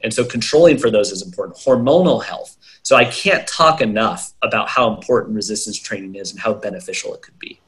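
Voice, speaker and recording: A man's voice: lowish voice, a little fast, hardly any pauses, fairly bright tone. A man, a young adult brain health coach, talking as an interview guest in an earnest, lecturing way, listing examples and checking in with "right?". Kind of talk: explanatory interview talk.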